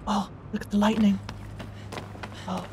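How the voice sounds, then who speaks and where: A woman's voice: medium pitch, flat delivery, a little slow, noisy background. A woman giving casual commentary while playing a video game, talking in an upset, indignant way and swearing. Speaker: let's play gamer.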